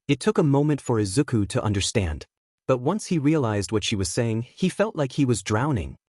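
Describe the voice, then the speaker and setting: Male fanfic narrator, expressive and steady, animated delivery, dry studio. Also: mid-range voice, no echo. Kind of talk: story reading.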